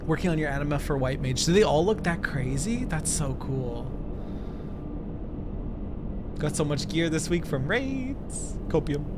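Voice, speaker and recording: A young man streaming a game, reacting loudly, swearing and joking with chat. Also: a little high, moderate pace, few pauses, heavy background noise. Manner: animated, swearing, loud reactions. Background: music.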